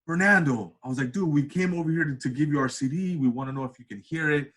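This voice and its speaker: Speaking fast in a husky voice, a man in his thirties tells a story as an interview guest. He's a comedian and cinematographer, and his casual, animated telling includes acted-out voices with big jumps in pitch.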